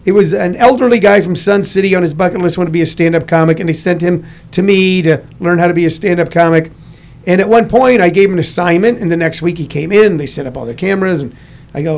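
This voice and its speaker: Guy hosting a comedy talk show, high voice, tells stories and does the voices. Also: quick pace, a little mellow. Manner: storytelling, acts out voices in anecdotes. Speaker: podcast host. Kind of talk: casual comedy chat.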